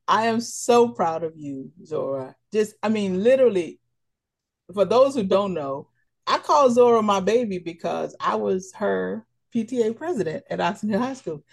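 A middle-aged woman with a husky, slightly breathy voice. Her pitch swings widely as she talks, motherly and full of feeling. She speaks as a guest in a casual podcast chat. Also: expressive, normal speed. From Prince George's County, Maryland. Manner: warm motherly praise, emotional. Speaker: guest, local official.

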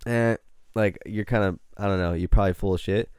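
A man's voice: on the low side, steady tone, fairly quick, darkish tone, clean tone, dry recording, studio quality. A man chatting casually on a podcast, rambling and swearing with lots of hedges. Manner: rambling, profane, hedging. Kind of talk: casual chat.

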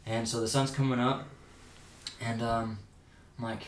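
A man's voice: medium pitch, level tone, unhurried. A young man co-hosting a podcast, telling a rambling daydream story in a laughing, casual way. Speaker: podcast co-host. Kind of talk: casual chat. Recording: roomy with faint noise.

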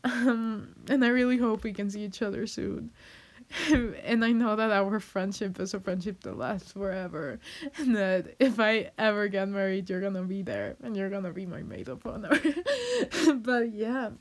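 Speaking at a moderate pace in a mid-range voice, this young woman pours out a personal, heartfelt monologue to her vlog audience. She sounds emotional and unsure, leaning on lots of fillers and breaking into nervous laughs.

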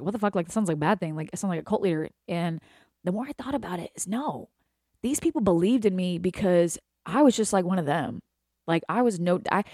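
A woman's voice: on the low side, a little mellow, dry recording, clean studio sound. A woman in her thirties, a hairstylist, talking candidly in a casual monologue, swearing freely and laughing often. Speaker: hairstylist and salon owner.

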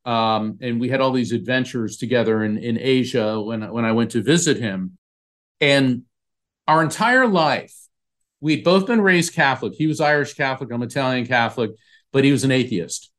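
A man's voice: mid-range voice, normal speed, a bit bright. A man, an author being interviewed, telling a personal story in an earnest, emotional way with frequent restarts. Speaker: author and podcast guest.

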